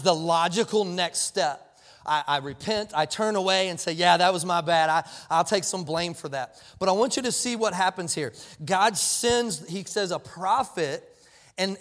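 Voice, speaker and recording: A male pastor in his thirties delivers a sermon in a casual, conversational way, with a fairly high voice. He often restarts and doubles his words and slips into quoted voices. The sound carries the long reverb of a large church auditorium.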